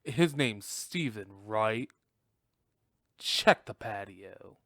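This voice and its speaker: A man's voice: on the low side, expressive, drawn-out words, a bit bright, no echo, studio quality, voice pushed down, full character voice. A man doing a mocking phone killer. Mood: taunting. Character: taunting male killer on the phone.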